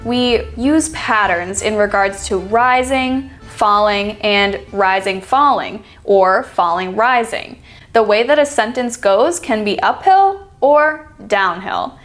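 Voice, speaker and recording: A woman teaching an accent reduction lesson, speaking clearly and deliberately and demonstrating example sentences. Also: mid-range voice, expressive, a bit bright, soft background music. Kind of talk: scripted instructional lesson.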